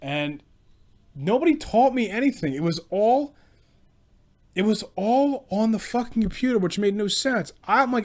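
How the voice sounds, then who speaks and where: A man's voice: high voice, lively intonation, measured pace, darkish tone. A man telling casual stories about past jobs, rambling and profane, with frequent restarts. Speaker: podcast host. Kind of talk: casual solo storytelling rant.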